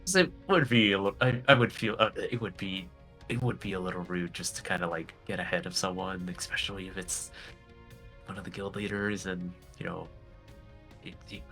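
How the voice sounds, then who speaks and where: A man playing a tabletop game, talking hesitantly with many fillers and restarts. His voice sits low but sounds bright and forceful. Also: moderate pace, soft background music. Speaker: player. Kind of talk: casual tabletop role-play.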